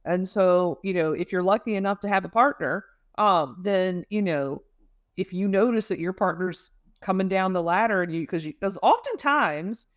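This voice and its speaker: A mid-pitched speaker gives thoughtful explanations on a podcast, drawing on research and plain comparisons to help parents. The delivery is measured and full of small fillers, recorded close and dry. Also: no room sound. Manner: thoughtful, explains with everyday analogies, many fillers. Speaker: parenting counselor or expert guest.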